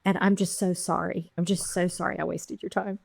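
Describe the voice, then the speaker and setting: A middle-aged woman, a podcast guest, telling her founding story with lively quoted voices. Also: lowish voice, brisk, gravelly, husky, dry recording. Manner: animated storyteller, acting out quotes. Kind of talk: storytelling interview.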